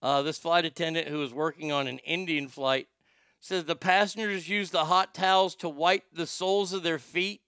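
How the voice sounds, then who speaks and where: A man hosting a comedic podcast, reading stories and ranting, with sudden loud outbursts and quiet muttered asides. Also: fairly high pitch, steady tone, normal speed, smooth, no echo, studio quality. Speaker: show host.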